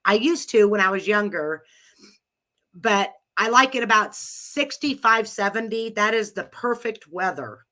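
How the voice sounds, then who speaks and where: Casting note: bright, forceful middle-aged woman with a cold, rambling live host. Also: mid-range voice, animated, unhurried. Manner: rambling, chatty, laughs often. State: has a cold. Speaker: live audio room host. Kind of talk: casual chat with listeners.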